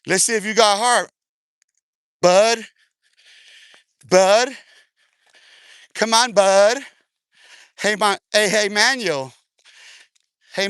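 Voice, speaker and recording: Loud laughing man with a bright voice. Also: high voice, dry recording, studio quality. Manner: loud, laughing, profane street slang. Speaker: livestream host. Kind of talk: casual livestream chat reading comments. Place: outdoors walking in a park.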